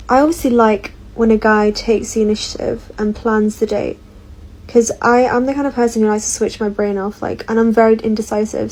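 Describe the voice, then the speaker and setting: Woman, higher pitch, wry and amused casual storyteller. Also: a little mellow, rough recording.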